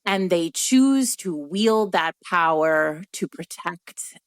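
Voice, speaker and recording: A woman with a fairly low voice co-hosts a podcast in relaxed, chatty conversation. She is middle-aged and thinks out loud, drifting into asides. The sound is dry and close. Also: takes it slowly, smooth, no room sound. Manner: chatty, thoughtful, trails into asides. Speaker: podcast co-host. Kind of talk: casual chat.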